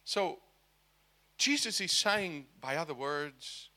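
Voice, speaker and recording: Man, middle-aged, preacher, slow, forceful bright voice, questions the audience. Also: a little high, lively intonation. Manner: asks the audience questions, emphatic. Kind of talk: sermon.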